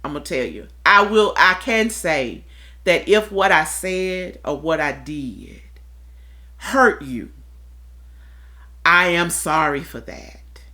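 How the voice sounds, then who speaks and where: A woman in a relaxed discussion, talking candidly and earnestly about her own experiences and acting out the people she quotes. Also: sits low, takes it slowly, long pauses. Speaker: discussion panelist. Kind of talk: reflective conversational talk.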